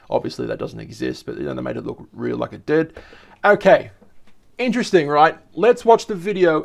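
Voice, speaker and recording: A man's voice: a little high, creaky. A man hosting a casual video commentary, enthusiastic and rambling, often stopping to correct himself. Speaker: video host.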